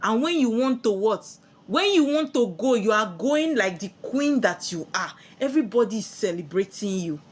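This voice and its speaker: Nigerian lady preaching spiritual stuff, kinda high voice, asks "what?" then answers herself. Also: expressive, moderate pace, husky. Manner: preachy, asks rhetorical questions and answers them. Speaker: spiritual teacher. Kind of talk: spiritual sermon to camera.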